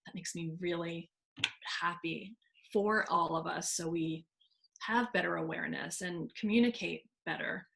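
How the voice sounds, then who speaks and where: A woman who works as a speech language pathologist, talking casually and acting out quoted voices with bright pitch jumps. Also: a little slow, gravelly. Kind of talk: casual conversation.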